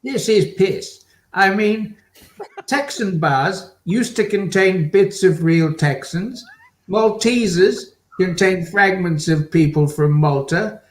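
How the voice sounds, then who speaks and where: A man playing an indignant complainer with a slow, deadpan, crude delivery on a video call. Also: high voice, reverberant. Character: indignant man complaining about chocolate bars. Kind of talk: improv comedy character.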